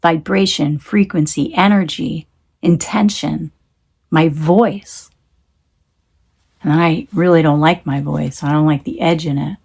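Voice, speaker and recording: A woman's voice: low voice, slow pace, vocal fry, a little mellow, breathy edge. A woman talking into her phone in a rambling, emphatic monologue, swearing when she gets heated. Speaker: tarot reader.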